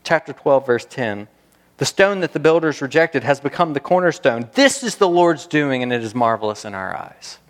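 A man preaching a sermon, animated and building to emphatic peaks, often restarting his words as he goes. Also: medium pitch, normal speed. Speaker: pastor. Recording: reverberant hall.

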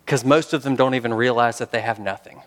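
A man's voice: mid-range voice, fast, long reverb tail. A man preaching a sermon, reading scripture and talking in a conversational way with rhetorical questions. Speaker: pastor.

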